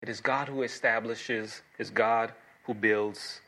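A man preaching a sermon as pastor, earnest and emphatic, with dramatic pauses and repeated key phrases. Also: fairly low pitch, fairly even intonation, a bit bright.

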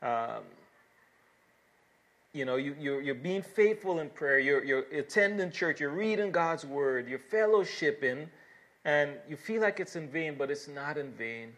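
A man's voice: on the high side, expressive, a little slow, fairly bright tone. A man preaching a sermon, reading scripture verses aloud and then explaining them earnestly, building to emphatic exhortations. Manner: earnest, with fillers and restarts, rising to emphatic exhortation.

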